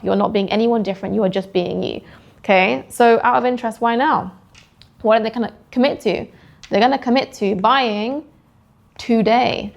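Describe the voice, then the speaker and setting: A woman sales coach teaching a sales framework in a brisk, conversational way, often acting out what clients say. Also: medium pitch, creaky, darkish tone.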